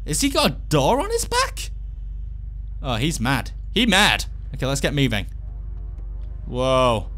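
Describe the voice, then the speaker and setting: A man giving lively, jokey gameplay commentary as a let's play host, talking to the characters on screen. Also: mid-range voice. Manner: excitable, jokey, talks to the game characters.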